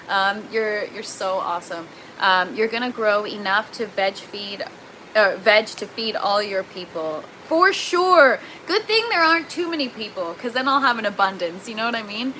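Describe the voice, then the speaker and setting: A young adult woman with a Canadian accent, hosting a gardening livestream in an excitable, chatty way and reading viewer comments aloud. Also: fairly high pitch, a little hiss or hum, rough recording. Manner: excitable, chatty, quick to laugh.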